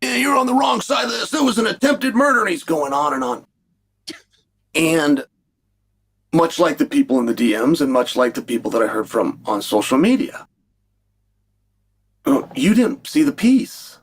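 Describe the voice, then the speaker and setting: A man talks in a clip, telling a story and voicing the quoted lines himself. His voice is high and very animated, with a husky edge. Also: normal speed, long pauses. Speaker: commentator in played clip. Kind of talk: recounting a story to camera.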